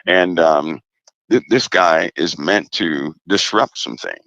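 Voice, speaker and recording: Very deep gravelly-voiced man. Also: sharp tone, no room sound, dull audio. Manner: deliberate, emphatic, repeats key phrases. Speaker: guest commentator. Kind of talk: casual interview talk.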